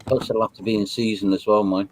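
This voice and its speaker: A man's voice: on the low side, little pitch movement, fast talker, a little mellow, slight background noise, rough recording. A man chatting casually on a game stream, reading out comments and making dry, understated remarks. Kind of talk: casual chat over gameplay.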